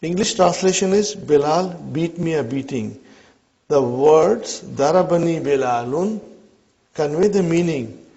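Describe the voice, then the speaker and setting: A man teaching an Arabic grammar lesson to a class, slow and repetitive, often checking whether his listeners follow. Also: a little high, a little mellow. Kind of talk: classroom lecture. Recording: dull lo-fi recording.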